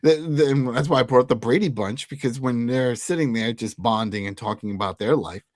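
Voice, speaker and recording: A man co-hosting a casual TV recap, speaking in a relaxed, conversational way as he speculates about the episode. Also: medium pitch, brisk, no room sound, studio quality. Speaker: podcast co-host.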